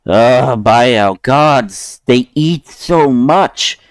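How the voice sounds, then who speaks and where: A man's voice: mid-range voice, expressive, drawn-out words, smooth, dry recording, pitched above the performer's own voice. A man voicing a harried cook who complains about the people he feeds. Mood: grumbling.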